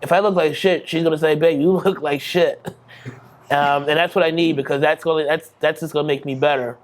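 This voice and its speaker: A man's voice: fairly high pitch, fairly even intonation, fast talker. Earnest, emotional man in his thirties. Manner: earnest and emotional, swears freely, many restarts. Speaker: bodybuilding champion interviewee. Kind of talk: candid post-victory interview.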